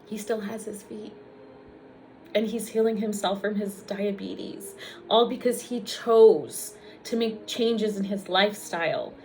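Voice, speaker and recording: A woman's voice: medium pitch, measured pace, a little mellow, a little hiss or hum. A woman from the United States, a registered nurse, talking in a raw personal vlog, emotional and blunt with lots of swearing, teary at times.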